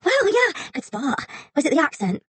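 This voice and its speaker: A woman's voice: sits high, normal speed, no echo, voice pushed up. A woman voicing an overjoyed, tiny young woman in her late teens who gushes in a sing-song way. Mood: excited. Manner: excitable, gushing, sing-song.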